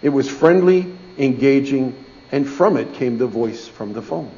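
Middle-aged man, gravelly voice, folksy church testimony, dull lo-fi recording. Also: mid-range voice, expressive, a little slow, dark tone. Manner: folksy, conversational, asks "okay?" often. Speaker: speaker giving a testimony in church. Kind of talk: storytelling sermon.

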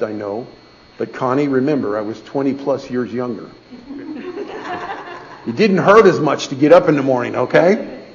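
A middle-aged man gives a testimony in church, telling a personal story to the gathering in a folksy, conversational storytelling sermon and often asking "okay?" His mid-range voice has a darkish tone. The dull lo-fi recording carries slight background noise.

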